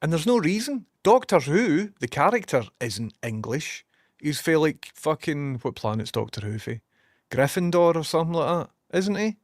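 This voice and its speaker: A young Scottish man with a West of Scotland accent, chatting casually with viewers in an animated, swearing rant. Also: on the high side, moderate pace, dry recording, clean studio sound. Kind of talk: casual chat.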